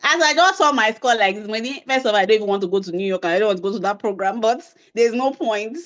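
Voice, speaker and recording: A woman's voice: medium pitch, fast, a bit bright, muffled recording. A woman giving a talk, telling a personal story in a chatty, self-deprecating way and acting out bits of dialogue. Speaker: invited speaker on medical residency.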